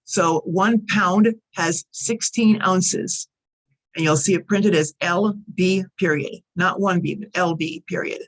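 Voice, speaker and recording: A woman teaching English to learners, speaking slowly and carefully and spelling out each number and abbreviation. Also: on the low side, poor audio. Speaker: ESL teacher. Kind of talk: recorded lesson recap.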